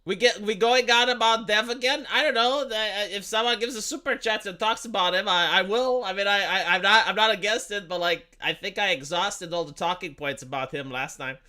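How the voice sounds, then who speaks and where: A man's voice: high-pitched, brisk, few pauses, bright, forceful tone. A man live streaming a heated, profane political rant. He stammers and repeats words and fires off rhetorical questions. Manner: argumentative, asks rhetorical questions.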